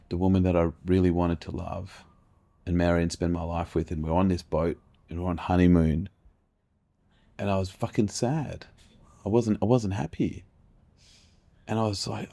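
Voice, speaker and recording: A middle-aged man, a podcast guest telling a personal story candidly, animated and emphatic, swearing freely. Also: on the low side. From Australia.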